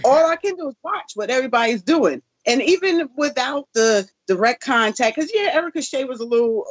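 A woman chatting casually as a guest, blunt and lively, with loose nonstandard grammar. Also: high voice, brisk. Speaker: guest, former contestant. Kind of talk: casual chat. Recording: dull lo-fi dry sound.

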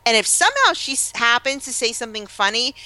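A woman chatting casually as a podcast co-host, animated and gossipy, acting out the people she quotes. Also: on the high side, quick pace, dry recording. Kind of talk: casual chat.

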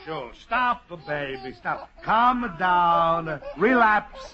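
An actor playing a boastful middle-aged Italian immigrant friend in a 1940s radio comedy, speaking broken English with an Italian accent. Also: male voice, sits high, animated, very slow, heavily acted. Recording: lo-fi old radio broadcast with loud audience and hiss.

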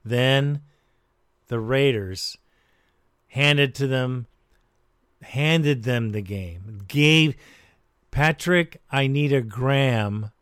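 A man hosting a sports call-in radio show, giving blunt, measured commentary. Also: medium pitch, fairly bright tone, clear, resonant tone, no echo, studio quality.

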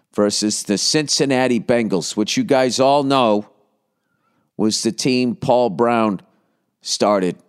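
A man's voice: on the low side, smooth. A man hosting a comedy podcast, rambling through profane asides with mock outrage in a casual rant.

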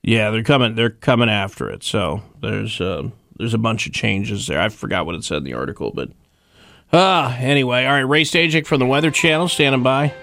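A man's voice: mid-range voice, lively intonation, fairly quick, gravelly, fairly bright tone, no echo, clean studio sound. A man hosting a radio call-in show, with wry, offhand casual banter. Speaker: radio talk show host.

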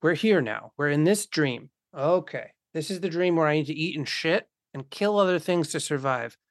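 A blunt, profane speaker riffs philosophically in casual conversation, slipping into imagined voices along the way. The voice sits at a middling pitch. The recording is dry and close, with no room sound. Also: expressive, moderate pace, no echo.

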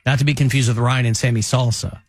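A man hosting a radio talk show, chatting casually with rambling, animated asides. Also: mid-range voice, fast, no room sound, faint music behind. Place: radio studio.

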